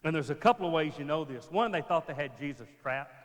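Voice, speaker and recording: A man preaches in a church, acting out little scenes and then dropping to a near whisper to drive a point home. His voice sits a little high for a man. A long reverb trails behind each line. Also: expressive, quick pace. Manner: acts out scenes, drops to a hushed voice for emphasis. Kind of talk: sermon.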